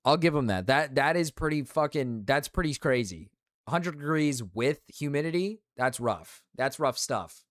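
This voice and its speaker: A man's voice: on the high side, animated, normal speed, no echo, clean studio sound. A young man streaming live, ranting casually with lots of swearing and repeated phrases. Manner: ranting, profane, repeats himself. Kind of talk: casual livestream rant.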